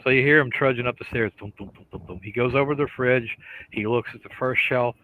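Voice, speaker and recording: A middle-aged man in casual chat, telling stories in an animated way and acting out the voices and sounds. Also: mid-range voice, fast, phone-quality sound.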